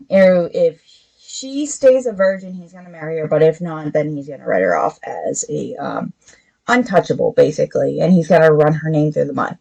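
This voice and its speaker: A woman's voice: on the low side, gravelly, mellow, poor audio. A woman hosting a casual book review podcast, retelling the plot in a rambling way with many fillers.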